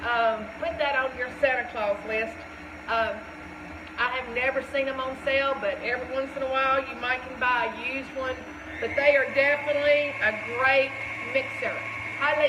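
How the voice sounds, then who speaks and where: Folksy Southern woman hosting a live baking stream; chatty, bright, in a roomy kitchen. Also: a little high, slight background noise. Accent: Southern American. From Tennessee. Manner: chatty, folksy, greets viewers by name. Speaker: shop owner hosting a live cooking stream. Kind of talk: casual live cooking chat.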